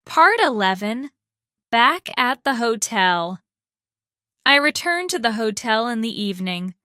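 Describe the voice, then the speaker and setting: A woman reads a slow English lesson for learners, each short sentence set apart with care. Her voice is bright and a little high. The sound is dry and close, with no room around it. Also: sing-song, smooth, no echo. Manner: slow, careful, evenly spaced sentences. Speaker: podcast host and English teacher.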